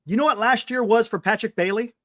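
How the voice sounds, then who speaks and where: A man co-hosting a casual sports talk show, animated and exclamatory, urging listeners to stay calm. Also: very high-pitched, quick pace, no room sound, studio quality. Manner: animated, exclamatory, calming others down.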